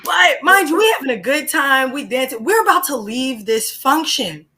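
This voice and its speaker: A young woman with a high voice speaks at normal speed as a podcast guest. Hailing from Philadelphia, USA, she tells stories in an animated, slangy, casual way and laughs between lines, even in the middle of a story.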